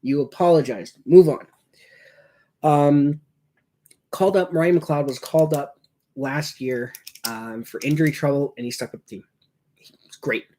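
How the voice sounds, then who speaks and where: A man's voice: mid-range voice, moderate pace, a little mellow. A man giving casual watch-along commentary as a hockey fan, rambling and reacting, with many fillers.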